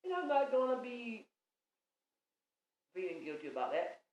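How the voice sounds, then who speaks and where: A man's voice: very high-pitched, sing-song, moderate pace. A man giving an emphatic, preachy monologue to the camera, repeating his points. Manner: preachy, emphatic, repeats himself, talks straight to the viewer. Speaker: video blogger ranting. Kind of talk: impassioned monologue. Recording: echoey room, muffled sound.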